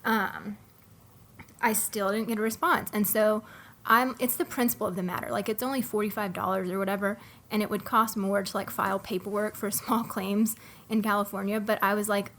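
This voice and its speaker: A young woman co-hosting a podcast, telling a long story in a casual, animated way with many fillers. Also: medium pitch, fairly quick. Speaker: podcast co-host. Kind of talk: casual chat.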